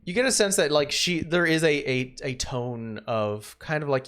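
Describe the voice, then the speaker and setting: A man narrating as game master of a tabletop game, halting with many "uh"s. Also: fairly high pitch, lively intonation, fairly bright tone, clear, resonant tone.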